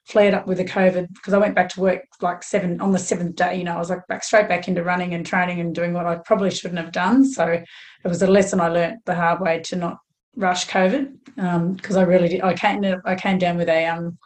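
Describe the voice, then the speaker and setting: A middle-aged Australian woman with a slightly croaky voice, chatting frankly and at length as a podcast guest. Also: lowish voice, little pitch movement, brisk. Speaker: guest runner. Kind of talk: casual chat.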